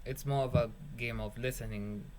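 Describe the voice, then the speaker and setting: A man's voice: medium pitch, fairly even intonation, moderate pace, background noise. A young man hosting a beat-making tutorial in a loose, rambling way, swearing casually and joking at his own expense. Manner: rambling, self-mocking, swears casually, laughs at own jokes. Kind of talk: casual screen-recorded tutorial.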